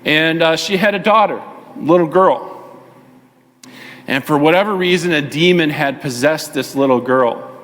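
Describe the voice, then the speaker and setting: Animated preacher in a ringing church hall. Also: male voice, fairly high pitch, unhurried. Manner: animated storytelling, acts out the voices; chatty asides to the congregation. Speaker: pastor. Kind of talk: sermon. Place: church sanctuary. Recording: long reverb of a church hall.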